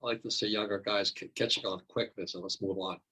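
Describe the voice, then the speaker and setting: Older male guest with a husky, relaxed, storytelling way of talking. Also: lowish voice, quick pace, rough recording. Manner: storytelling, repeats words when starting. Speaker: guest author. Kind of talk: casual interview.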